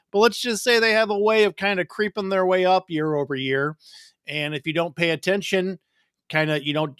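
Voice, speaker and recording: A man's voice: a little high, fairly bright tone, clear, resonant tone, no echo, clean studio sound. A man co-hosting a casual real estate chat, easygoing and informative. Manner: easygoing, informative, rambling with restarts. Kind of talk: casual live-stream chat.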